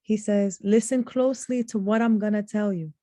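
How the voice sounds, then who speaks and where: A woman giving a reflective religious lesson, speaking earnestly, slowing down to stress key words and reciting short Arabic verses. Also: medium pitch, steady tone, dark tone, no echo. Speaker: Quran teacher.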